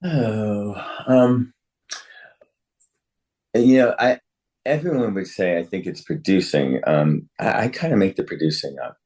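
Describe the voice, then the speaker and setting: Very low-voiced man, animated guest. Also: unhurried, pauses often. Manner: animated, self-correcting, laughs often. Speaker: guest actor. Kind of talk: remote interview.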